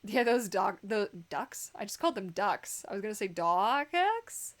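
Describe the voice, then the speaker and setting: A young woman from Canada with a light Canadian accent, chatting with her livestream viewers. She talks in a giggly, rambling way full of fillers. Her voice sits at an everyday middle pitch. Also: big pitch swings, unhurried. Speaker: livestream host. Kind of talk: casual livestream chat reading comments.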